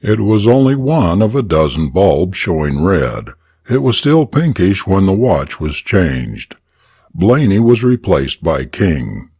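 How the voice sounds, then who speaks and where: A man narrating a story for English learners in an expressive, deliberate reading. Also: low-pitched, breathy edge, dry recording.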